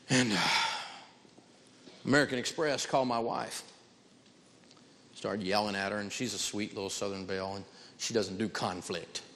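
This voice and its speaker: A man giving an animated, emphatic live talk on stage in a large hall, telling stories as he goes. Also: on the low side, a little hiss or hum. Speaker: financial speaker. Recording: long hall reverb.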